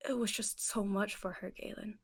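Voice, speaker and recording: A woman voicing a sympathetic woman rogue who speaks gently and sometimes drops to a hush. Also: mid-range voice, fairly even intonation, normal speed, breathy edge, lightly acted. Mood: somber.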